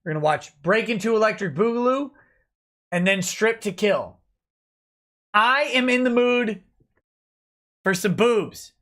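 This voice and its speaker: A man's voice: high voice, animated, measured pace, long pauses, pushed and bright. A drunk man hosting a late-night livestream, ranting angrily and swearing a lot. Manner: angry, profane ranting. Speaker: livestream host.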